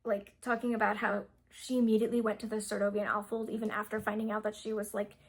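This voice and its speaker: A woman's voice: mid-range voice, little pitch movement, fast. A young woman casually retelling a book's plot, rambling with lots of fillers and giggles. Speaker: book reviewer.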